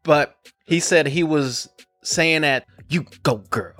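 A man hosting a podcast, chatting casually with slangy, animated asides and frequent laughs. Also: on the high side, takes it slowly, no room sound, soft background music. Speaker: podcast host. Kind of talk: casual chat.

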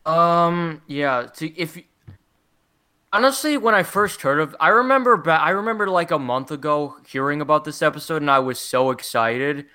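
A man's voice: on the high side, lively intonation, moderate pace, pushed and bright, clear, resonant tone. A man co-hosting a podcast in casual chat, hesitant, stumbling over his words and restarting. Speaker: podcast co-host reviewing cartoon episodes.

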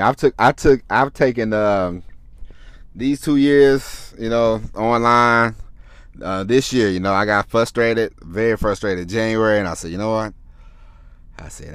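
A man's voice: fairly low pitch, no echo. A man hosting a solo podcast, talking in a loose, rambling way with many restarts and frequent swearing. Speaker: podcast host. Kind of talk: casual solo podcast talk.

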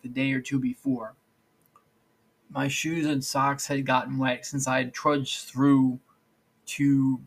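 A man's voice: medium pitch, fairly bright tone, breathy edge, low-quality recording. A man hosting a solo podcast, talking in a loose, rambling way with frequent restarts. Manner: rambling, loose, with many restarts and "all right, so". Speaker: podcast host.

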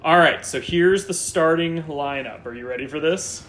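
A man hosting a casual fantasy football chat, reading through a roster in quick lists and joking with his co-host. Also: on the high side. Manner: lively, lists players in quick runs, jokey.

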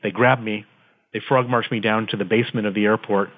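A man's voice: lowish voice, fairly even intonation, a little fast. A man, an interview guest, telling his story vividly and dramatically from his office over the phone. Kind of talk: conversational storytelling. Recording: tinny phone line.

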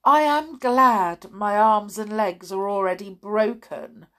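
A woman's voice: medium pitch, slow, fairly bright tone. A woman voicing an outspoken young girl in a storybook reading, with a snappy, indignant delivery.

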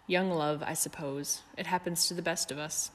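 A gentle, fond old professor speaks in a low voice, as a woman reader puts him on. His words trail in a long reverb. He sounds nostalgic and kind toward his student. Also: fairly even intonation, normal speed. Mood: kindly.

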